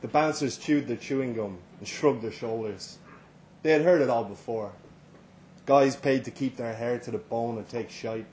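A man's voice: medium pitch, moderate pace, a little mellow, reverberant, slight background noise. A man narrating a short story aloud at a live reading in a pub, in a dry, wry first-person tone. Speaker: reader of his own short story.

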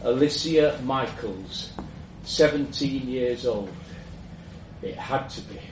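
Male narrator, mid pitch, measured reflective story reading, roomy sound from a distance. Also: a little mellow. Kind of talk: first-person story reading. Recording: roomy echo, mic at a distance, faint background hum.

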